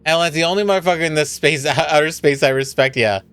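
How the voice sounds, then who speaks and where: A man live-streaming a story game, swearing loudly, laughing and reading the characters' lines aloud. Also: fairly high pitch, fast talker, clear, resonant tone, dry recording, soft background music.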